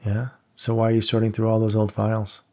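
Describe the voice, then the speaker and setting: A man's voice: on the low side, completely flat delivery, a little fast, a little mellow, natural voice. A man voicing an anxious young male student who grumbles and complains sarcastically. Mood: grumbling.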